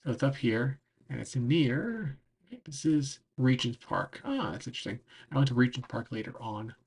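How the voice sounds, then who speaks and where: A man's voice: medium pitch, normal speed, gravelly, a little mellow, slightly rough. A man losing his voice, giving a rambling, casual recap as a streamer while browsing a map, full of "like" and "um".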